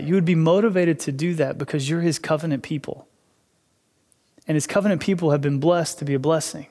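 A man's voice: fairly high pitch, a little fast, dark tone. Man preaching in an echoing hall. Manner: conversational, acts out inner dialogue with God. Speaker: pastor. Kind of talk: sermon.

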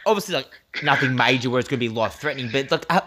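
A young Australian man telling a story on a podcast in relaxed, casual chat. He rambles, leaning on fillers and swearing freely as he goes. His voice sits at an ordinary middle pitch for a man. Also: very fast, slightly rough. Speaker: podcast co-host.

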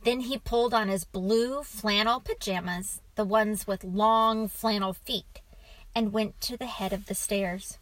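A woman narrating a children's storybook in a calm, even reading voice. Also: medium pitch, measured pace, dry recording, low-quality recording.

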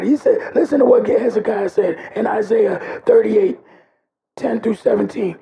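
A male preacher delivers a sermon in a strikingly high, gravelly voice, drawing his words out slowly. He preaches with raw passion, his voice cracking into cries and rising into shouts. The recording sounds dull and lo-fi. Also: animated.

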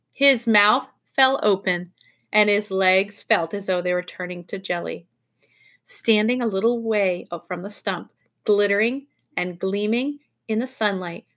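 Lively teacher reading a kids' book. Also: female voice, mid-range voice. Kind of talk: reading a children's novel aloud to a class.

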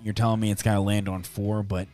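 A man hosting a sports betting podcast, chatting casually and briskly reeling off odds and numbers. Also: fairly low pitch, little pitch movement, a little mellow, soft background music.

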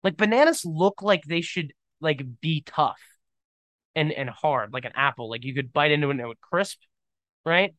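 A man's voice: on the high side, expressive, normal speed, a bit bright, no room sound. A young man hosting a podcast in casual solo chat, rambling and emphatic, often saying "dude". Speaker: podcast host.

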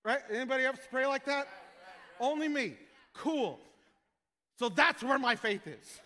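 High, bright-voiced preacher in a hall. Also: male voice, animated, measured pace. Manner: joking, jumps to loud shouted prayer impressions. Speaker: pastor. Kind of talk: sermon.

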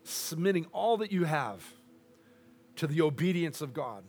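A man preaching a sermon to a congregation, loud and boisterous at times and dropping to a near hush at others. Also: on the high side, sing-song, unhurried, breathy edge.

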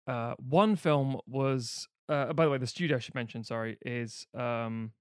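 A man's voice: medium pitch, measured pace, smooth, no room sound, clean studio sound. A man in his late thirties co-hosting a casual chat, rambling, swearing freely and joking at his own expense. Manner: rambling and profane, with self-deprecating jokes. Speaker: podcast co-host.

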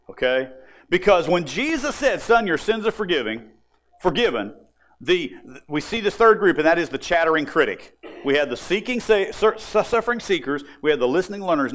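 Lively high-voiced male preacher. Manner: animated preaching, acts out quoted voices. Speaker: pastor. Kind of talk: sermon.

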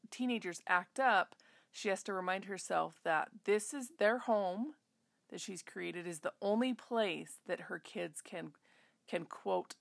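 A woman's voice: on the low side, vocal fry, fairly bright tone, no echo. A woman in her thirties hosting a casual chat, talkative and reflective, often interrupting herself. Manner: chatty, self-interrupting, reflective.

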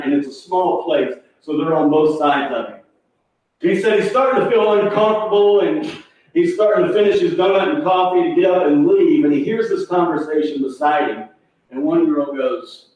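A man preaching a sermon, an animated, impassioned storyteller. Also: fairly high pitch. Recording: echoey hall, mic far off.

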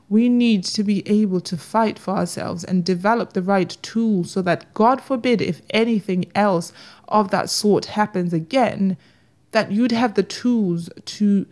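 A woman hosting her own podcast, speaking earnestly and pleading, often repeating words as she talks through a personal story. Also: mid-range voice. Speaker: podcast host.

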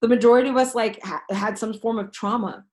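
A woman's voice: fairly high pitch, steady tone, a little fast, darkish tone, rough recording. A woman who is a teacher, talking candidly as a podcast guest, earnest and frank, swearing freely and laughing easily. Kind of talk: casual, candid interview talk.

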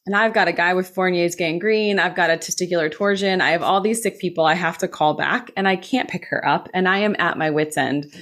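An American woman in her thirties, a physician assistant, telling a personal story candidly with quick bursts and frequent "like". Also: on the low side. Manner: candid, animated, fast bursts with filler likes.

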